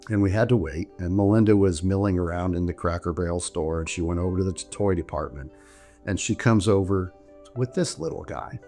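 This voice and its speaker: Older guy, deep voice, rambling jokey story, faint music behind. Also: brisk, mellow. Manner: chatty, jokey, many restarts and "so anyway". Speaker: vlogger telling a personal story. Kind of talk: casual storytelling to camera.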